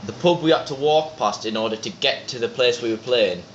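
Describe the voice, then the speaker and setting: A young man races through his stories at a quick clip, acting out the other voices and swearing freely. His voice sits in an echoey room, and the recording is a little dull. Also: mid-range voice, slight background noise. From North East England. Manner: rapid, animated anecdotes with lots of swearing and acted-out quotes. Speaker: band member, podcast guest. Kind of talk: casual storytelling chat.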